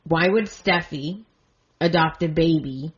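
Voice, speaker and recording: A woman's voice: deep voice, slow, highs cut off. A woman podcast host giving an earnest, emotionally invested recap that turns indignant at times.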